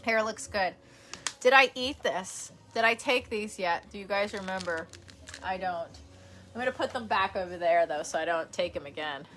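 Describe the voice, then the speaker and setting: Bright-voiced chatty woman streamer. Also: mid-range voice, normal speed. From New York. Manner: chatty and rambling, laughs often. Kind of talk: casual livestream chat reading comments. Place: her bedroom by a heater.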